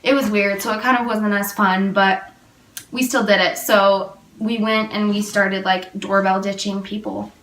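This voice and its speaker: A woman's voice: mid-range voice, fairly even intonation, unhurried, a bit bright. A young woman telling a storytime vlog, rambling and packed with fillers. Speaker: vlogger. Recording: roomy and a little distant.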